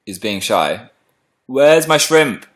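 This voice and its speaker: Excitable man livestreaming. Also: mid-range voice, slow, echoey room. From England. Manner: excitable, coos over his pet shrimp. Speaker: livestream host. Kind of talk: casual live-stream chat.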